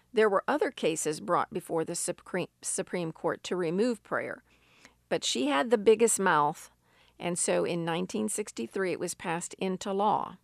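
A woman preacher giving a sermon, telling stories in an unhurried way with emphatic rises. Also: fairly low pitch, gravelly, dry recording, clean studio sound.

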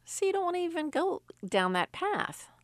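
A woman's voice: extremely high pitch, very animated, normal speed, no room sound. A woman who grew up in Sicily, giving an earnest devotional talk and reading scripture aloud. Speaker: Christian speaker. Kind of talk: devotional teaching.

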